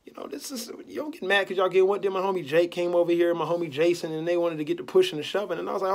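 Young guy doing a fake postgame presser, talks quick, kinda high voice, cocky trash talk. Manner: boastful trash talk, laid-back slang. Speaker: vlogger. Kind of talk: mock post-game press conference.

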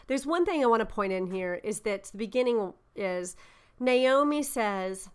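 A woman leading a Bible study in an earnest, conversational way, often checking in with "right?" and filling pauses with "um.". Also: a little high, animated, smooth. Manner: informal with frequent "um".

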